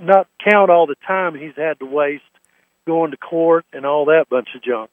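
A man's voice: fairly high pitch, normal speed, no echo. A male caller asking a question on a call-in radio show, hesitant and plain-spoken. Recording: tinny phone line.

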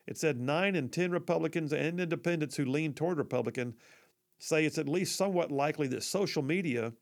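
Gravelly, folksy talk radio host. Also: male voice, a little high, brisk. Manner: folksy, emphatic, sarcastic asides. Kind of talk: conservative talk radio monologue.

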